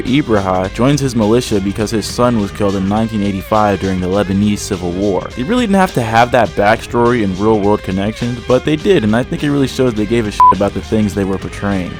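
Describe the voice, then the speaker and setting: A man gives casual scripted commentary in a joking, irreverent way. His voice sits a little low, with faint music behind it. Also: lively intonation, fast, hardly any pauses. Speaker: video essayist.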